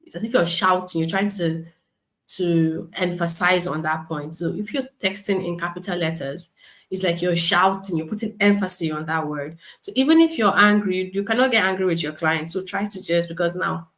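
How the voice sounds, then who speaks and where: A woman with a fairly low voice leads a live virtual lesson over a stream. She teaches in a loose, conversational way, circles back to repeat her points, and reads comments from the chat aloud. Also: normal speed, fairly bright tone. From Nigeria. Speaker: online class instructor. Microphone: computer mic on a live stream.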